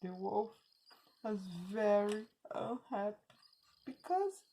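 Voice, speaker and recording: A woman teacher reading a children's story aloud in English as a Portuguese native, slow and expressive. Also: medium pitch, a little hiss or hum.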